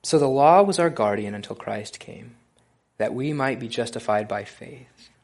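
A man's voice: medium pitch, normal speed, creaky. Male preacher, casual sermon, loose and chatty, lots of ums and restarts. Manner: casual, relaxed delivery with frequent fillers and restarts. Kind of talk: conversational sermon.

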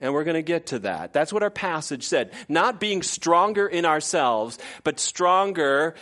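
Animated conversational male pastor. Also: on the high side, unhurried. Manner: conversational, animated, acts out quoted voices. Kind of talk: sermon.

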